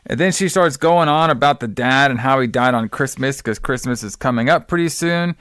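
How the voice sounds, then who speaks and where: A man's voice: mid-range voice, a little fast, a bit bright, clean tone, no room sound, studio quality. A man hosting a podcast, recapping a film in a casual, rambling way, full of swearing and wrestling-fan slang. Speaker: podcast host.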